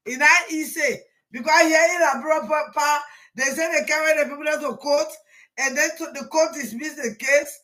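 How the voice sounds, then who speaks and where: A woman, hosting a casual live stream and greeting viewers one by one in a rambling way, with sudden loud bursts. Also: sits high, steady tone, moderate pace.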